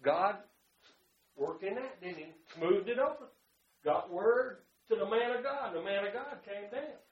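A high-pitched man preaches fervently, rising to loud bursts and dropping to near whispers. The recording is dull and lo-fi. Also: lively intonation, unhurried, reverberant. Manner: fervent, swings between loud outbursts and hushed asides. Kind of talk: sermon. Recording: dull lo-fi sound.

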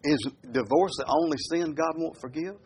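A man preaching a sermon. He reads scripture aloud slowly, breaks into folksy asides, and keeps asking his listeners questions. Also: on the high side, breathy edge. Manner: animated, asks the listeners questions.

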